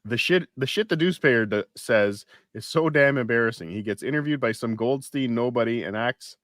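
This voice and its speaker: A man co-hosting a casual podcast, reading posts aloud in a wry, deadpan way. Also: mid-range voice, normal speed, no room sound, studio quality. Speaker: podcast co-host.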